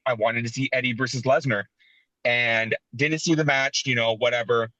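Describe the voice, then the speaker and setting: An animated man in his thirties tells sentimental stories on a casual podcast. His voice is bright and forceful, and it comes through dry and a little dull. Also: mid-range voice, moderate pace, dry recording. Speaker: podcast co-host. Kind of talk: casual wrestling podcast chat.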